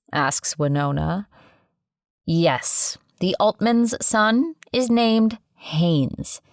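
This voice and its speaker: A woman's voice: on the low side, clear, resonant tone, dry recording. A woman narrating a first-person audiobook with sardonic, wry asides, recorded on a close studio mic.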